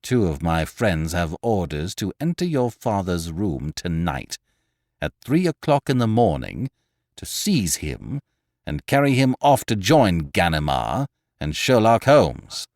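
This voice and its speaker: A man's voice: sits low, big pitch swings, measured pace, dry recording, studio quality, heavily acted. A man voicing a proud, wrathful master thief who mutters threats through his teeth in an audiobook reading. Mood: menacing. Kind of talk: audiobook character voice.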